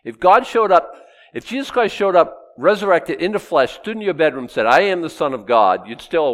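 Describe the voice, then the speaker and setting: A middle-aged man preaching a sermon, teaching through a Bible passage in a conversational way with sudden loud rises. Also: on the high side, big pitch swings, moderate pace. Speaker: pastor.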